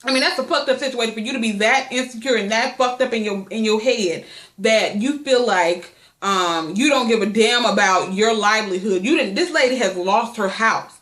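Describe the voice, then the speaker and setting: Casting note: woman vlogger, slightly high voice, blunt profane gossip, long-winded, echoey room. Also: normal speed, fairly bright tone. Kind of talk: casual chat.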